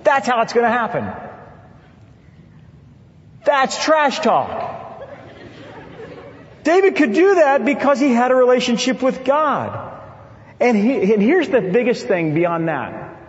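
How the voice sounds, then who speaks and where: A male preacher with a fairly high voice that swings widely in pitch as he delivers a lively sermon with playful asides. The sound is dull and carries a long reverb, as if from a big hall. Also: slow, pauses often, some chatter behind.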